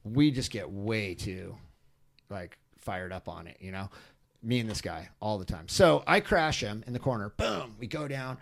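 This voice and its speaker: A middle-aged man on a podcast, telling a story with excitement, acting out quotes loudly and filling with "like" and "you know". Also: fairly low pitch, normal speed, vocal fry. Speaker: podcast guest. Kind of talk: animated storytelling.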